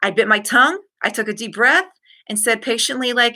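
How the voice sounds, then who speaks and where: A middle-aged woman hosting a live stream, talking frankly to her viewers and telling a personal story with lively asides. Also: fairly high pitch, brisk. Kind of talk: candid live-stream talk.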